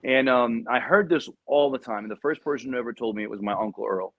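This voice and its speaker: Casual storyteller, profane and rambling, dull dry lo-fi sound. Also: male voice, medium pitch, brisk, no room sound. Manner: rambling, profane, many ums. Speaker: podcast guest, Marine veteran.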